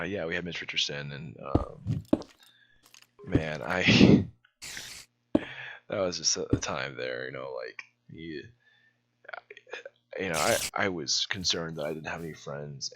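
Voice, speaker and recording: A man's voice: a bass voice, slight background noise. A young man from the American South telling a rambling school story over gameplay, full of fillers and restarts. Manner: rambling, many fillers and restarts, laughs often. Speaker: gaming channel host. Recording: music playing behind voice.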